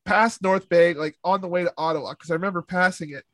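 High-voiced, rambling male storyteller. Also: steady tone, fast talker, fairly bright tone, no room sound. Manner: rambling storyteller, heavy on "like" and swearing. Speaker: former camp counselor telling stories. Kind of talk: casual chat.

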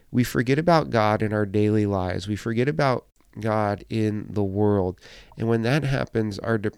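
A man's voice: mid-range voice, clear, resonant tone, dry recording, studio quality. A man preaching a sermon in an earnest, emphatic and encouraging way.

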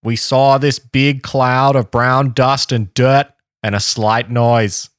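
Man doing a gruff old Boston sailor, slow, emphatic, slightly higher than his own voice. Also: fairly even intonation, dry recording, clean studio sound, lightly acted. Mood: grim. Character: gruff old male navy sailor recalling a disaster.

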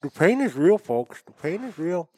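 A man's voice: high voice, big pitch swings, moderate pace, darkish tone, slightly rough. A man co-hosting a podcast who teases his partner with dry interjections. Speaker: podcast co-host. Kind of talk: casual teasing banter.

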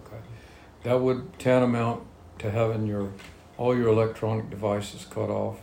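Gravelly-voiced man teaching Bible study. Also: on the low side, flat delivery, moderate pace, mellow, slight background noise. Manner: reads scripture then explains it in plain talk. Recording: echoey room with faint ambience.

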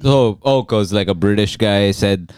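A man's voice: on the low side, unhurried, a little mellow, clean tone, dry recording, clean studio sound. A man co-hosting a comedy podcast, joking with exasperated protests. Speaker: podcast co-host.

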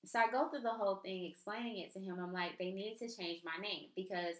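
A woman's voice: medium pitch, a little fast, fairly bright tone. A woman casually recounting an everyday story in a chatty, exasperated way, with lots of fillers. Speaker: vlogger. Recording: roomy echo.

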